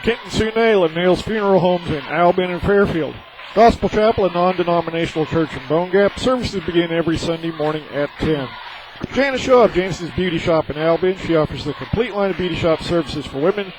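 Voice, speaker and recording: A man's voice: sits high, fairly quick, background noise. A man acting as color commentator on local radio, speaking plainly and reading sponsor announcements.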